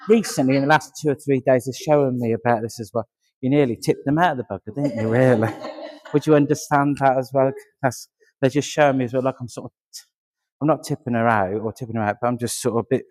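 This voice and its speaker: A man's voice: medium pitch, darkish tone, dry recording. A man giving a mediumship reading at a service, chatty and laughing easily as he keeps checking he is understood.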